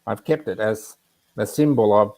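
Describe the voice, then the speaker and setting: A man's voice: fairly low pitch, normal speed, a little mellow. A man casually telling a personal anecdote on a live video chat, rambling with asides. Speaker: regular guest.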